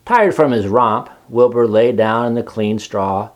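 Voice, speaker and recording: A man reading a children's storybook aloud in a calm, measured way. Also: mid-range voice. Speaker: narrator.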